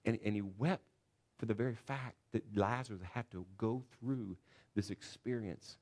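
A man preaching a sermon in a church, earnest and building to loud, emphatic passages. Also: fairly low pitch, moderate pace. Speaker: pastor.

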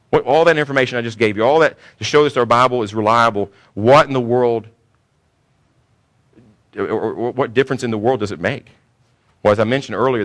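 Male preacher, lowish voice, emphatic delivery, rhetorical questions and repetition, sermon teaching. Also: a bit bright. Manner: emphatic, repeats key points, asks rhetorical questions.

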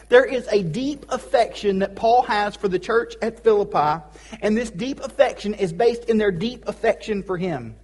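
Husky-voiced high-pitched male pastor. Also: a little mellow. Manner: casual, joking preacher with pop-culture asides. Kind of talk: sermon.

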